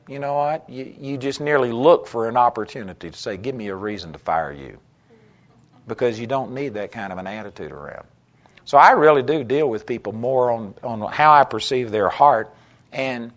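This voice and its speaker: A man teaching a Bible class, telling personal stories in a conversational way and getting louder and more animated when he quotes himself. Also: medium pitch, muffled recording. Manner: conversational storytelling, gets loud and animated when quoting himself.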